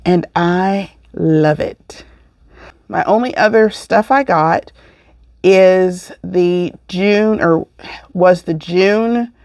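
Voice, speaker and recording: A woman's voice: on the low side, vocal fry, darkish tone, no echo. A middle-aged woman hosting a crafting podcast, chatting casually in a rambling, self-correcting way as she shows off her yarn. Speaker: podcast host. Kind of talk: casual chat showing crafts.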